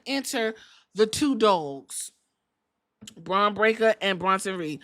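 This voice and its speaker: A woman's voice: medium pitch, takes it slowly, long pauses. A woman hosting a podcast, telling a wrestling recap in a casual, joking and profane way and acting out what people said. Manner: animated storytelling, acting out quotes, profane and joking. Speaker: podcast host.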